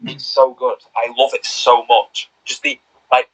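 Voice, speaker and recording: A man's voice: medium pitch, little pitch movement, unhurried, fairly bright tone, breathy edge, low-quality recording. A young man co-hosting a casual podcast, talking enthusiastically and rambling with lots of fillers. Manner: enthusiastic, rambling, lots of fillers like "do you know what I mean". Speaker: podcast co-host.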